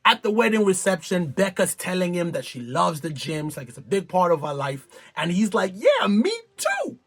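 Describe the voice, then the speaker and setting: A man hosting a reality TV recap in animated, slangy casual commentary, laughing often. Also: sits high, fairly quick.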